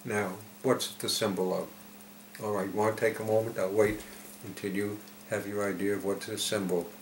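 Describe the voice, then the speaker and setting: A man giving a reflective spiritual talk, telling it slowly and deliberately with emphatic swells. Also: fairly low pitch, little pitch movement. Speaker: spiritual teacher. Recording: echoey room with faint noise.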